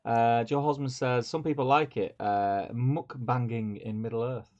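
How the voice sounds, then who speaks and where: A man's voice: mid-range voice, steady tone, measured pace, darkish tone. A man co-hosting a live stream, reading viewer comments aloud and chatting with a laugh. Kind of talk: casual live-stream chat. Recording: dull lo-fi stream audio.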